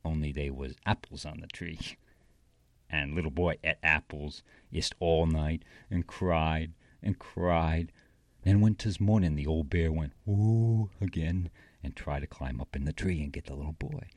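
Low-voiced man telling a rambling folksy tale. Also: steady tone, measured pace, no echo. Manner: rambling, self-correcting child-like storytelling. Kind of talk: dialect storytelling recitation.

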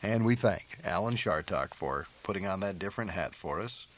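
A man's voice: deep voice, lively intonation, moderate pace, hardly any pauses. A man hosting a radio talk show, pressing his guest with challenging questions and reading the credits. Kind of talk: talk show interview and sign-off.

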